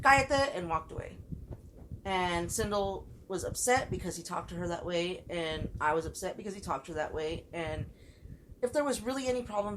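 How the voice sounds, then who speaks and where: A woman's voice: lowish voice, a little hiss or hum, low-quality recording. A woman co-hosting a podcast, telling a story in casual chat with heated, profane delivery. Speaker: podcast co-host.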